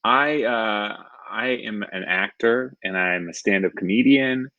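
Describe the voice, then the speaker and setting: A man's voice: lowish voice, a little slow, pushed and bright, no room sound. A stand-up comedian in his thirties from the San Francisco Bay Area, telling a personal story on a live stream, chuckling often and rambling with fillers. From San Francisco Bay Area, California. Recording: dull lo-fi live-stream audio.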